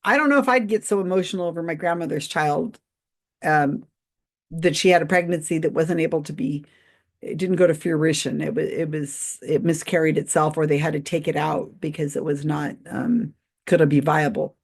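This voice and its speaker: Skeptical woman hosting a livestream, lowish voice, chatty and laughing, reading comments off chat. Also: normal speed, vocal fry. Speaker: host of a livestream commentary show.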